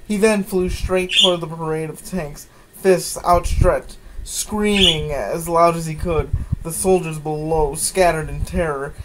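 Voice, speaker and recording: Slow, deadpan man reading fan fiction. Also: fairly high pitch, a little hiss or hum, poor audio. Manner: incredulous asides, sighs and laughs. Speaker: comedic fan-fiction reader. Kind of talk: mocking dramatic reading.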